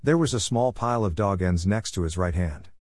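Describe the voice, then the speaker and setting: A man narrating a short story in a steady, even reading voice, in a close, dry recording. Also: low-pitched, a little fast, no echo.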